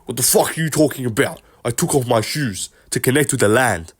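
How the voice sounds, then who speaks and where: A man's voice: medium pitch, a little fast, slightly rough, close to an everyday voice. A man putting on a mocking impression of an exasperated, indignant male fighter.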